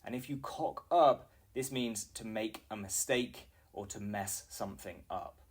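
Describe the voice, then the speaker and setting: A young British man, an English teacher, calmly explaining informal slang to learners and acting out example sentences. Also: fairly low pitch. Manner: slow, clear teaching delivery with acted example sentences.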